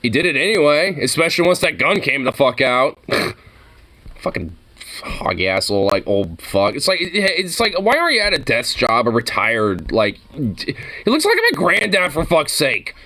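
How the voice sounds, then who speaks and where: Man, animated profane ranter, lively swooping delivery, slightly high voice. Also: moderate pace. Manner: animated, mocking, laughs often. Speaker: reaction commentator. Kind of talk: casual profane rant.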